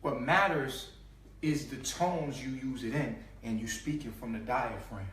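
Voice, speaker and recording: A man's voice: medium pitch, a little slow, a bit bright, a little hiss or hum. A man giving an impassioned spiritual teaching in slangy street talk, emphatic, repeating and stretching sounds to make his point. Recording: echoey room, mic at a distance.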